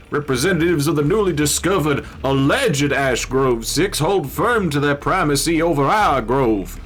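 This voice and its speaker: A man's voice: a little high, fairly bright tone, slight background noise, pitched above the performer's own voice. A man voicing a pompous male tree-cult preacher with a put-on Southern US accent, reading game text in a grandiose sermon style.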